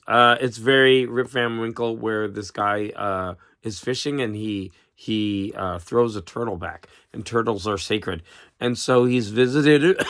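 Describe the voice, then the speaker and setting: A man chatting casually about books in a rambling, halting way, with a cough, on a close mic. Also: mid-range voice, a bit bright, no room sound. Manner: rambling, halting, with many restarts and fillers. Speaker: vlogger. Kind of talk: casual book chat.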